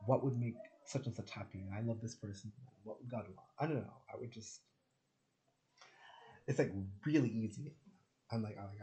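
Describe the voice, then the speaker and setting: A man's voice: lowish voice, warm tone, rough recording. A man from Jamaica ranting in a casual monologue, rambling with lots of restarts and swearing. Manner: rambling, profane, frequent "like" and restarts. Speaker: spiritual content creator.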